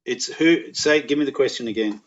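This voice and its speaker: A middle-aged Australian man telling rambling, animated anecdotes in a casual chat, with voiced quotes. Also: medium pitch, fairly quick, muffled recording, a crowd in the background. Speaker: podcast guest, actor.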